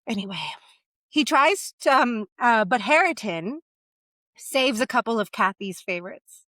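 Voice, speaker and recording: Animated woman discussing a novel. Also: high voice, normal speed, no echo. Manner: animated, acts out characters in quoted asides. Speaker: podcast co-host. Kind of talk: casual book discussion.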